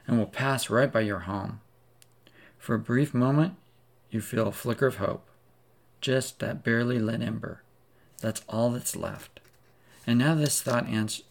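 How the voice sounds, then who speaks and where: A man's voice: mid-range voice, creaky, darkish tone. A man preaching a sermon, retelling a story vividly in the second person as a preacher.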